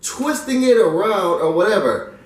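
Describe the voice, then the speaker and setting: Speaking at normal speed in a high register, a young man from New York vlogs a story with animated flair. He voices the other people's lines himself. The sound is roomy, picked up by a far-off mic.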